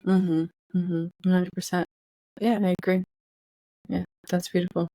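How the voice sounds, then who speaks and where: A woman's voice: fairly low pitch, level tone, a little slow, warm tone, no room sound. A woman co-hosting a podcast in casual chat, candid and profane, acting out feelings in quoted voices. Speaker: podcast co-host.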